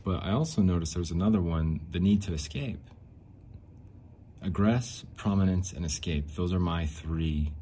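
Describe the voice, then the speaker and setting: Casting: very deep, mellow-voiced man, rambling podcast monologue, faint hiss behind. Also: normal speed. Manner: rambling, repeats himself, frequent likes and restarts. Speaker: podcast host. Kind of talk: casual monologue.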